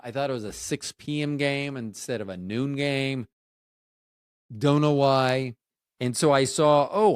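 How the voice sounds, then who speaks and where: A man's voice: mid-range voice, no echo, clean studio sound. A man in his fifties from Florida, hosting a podcast in a rambling, self-interrupting, jokey solo chat. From Tampa Bay, Florida, USA. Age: 50s. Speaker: podcast host.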